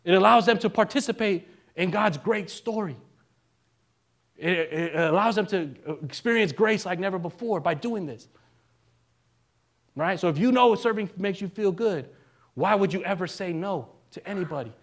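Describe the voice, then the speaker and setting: High-voiced man preaching casually. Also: moderate pace. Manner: casual and joking, keeps asking the congregation "right?". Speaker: minister. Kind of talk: conversational sermon.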